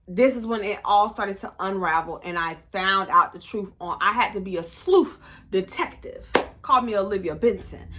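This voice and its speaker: A young woman in her twenties tells a personal story straight to her viewers. Her voice is bright and forceful, and she delivers it in an animated, sassy way, jumping in and out of quoted dialogue. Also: medium pitch. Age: 20s. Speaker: vlogger. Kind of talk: storytime vlog.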